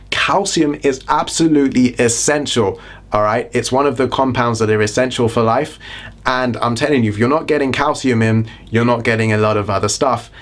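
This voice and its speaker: A man with a British accent, a wellness vlogger talking casually to camera with chatty, joking, self-deprecating asides. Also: mid-range voice. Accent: British English. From Britain.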